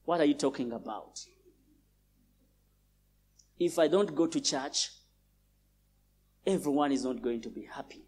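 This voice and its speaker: A preacher mimicking a bragging young churchgoer. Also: male voice, measured pace, pauses often, husky. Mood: boastful. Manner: bragging, lower and quieter than his preaching. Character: boastful self-important young churchgoer, male.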